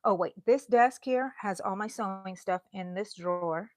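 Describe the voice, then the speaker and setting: A woman's voice: medium pitch, normal speed, no room sound. Chatty woman touring her craft room. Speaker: crochet vlogger. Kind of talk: casual live-stream chat. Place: small craft room at home.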